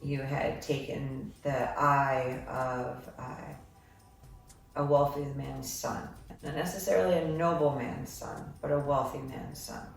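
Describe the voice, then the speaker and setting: A woman's voice: extremely low pitch, steady tone, takes it slowly, creaky. A woman giving a psychic reading, talking in a meandering way with many filler ums. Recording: echoey room, far from mic, faint noise.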